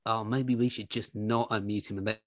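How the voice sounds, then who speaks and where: A man's voice: lowish voice, steady tone, brisk. A man joking, swearing and laughing in casual chat with castmates, heard over a video call. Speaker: actor on a cast reunion panel.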